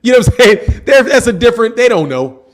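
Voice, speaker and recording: A man's voice: extremely high pitch, sing-song, a little fast. A man hosting a boxing channel, chatting casually to his live chat in slang, repeating himself for emphasis. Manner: slangy, repetitive, talks to chat. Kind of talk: casual livestream commentary.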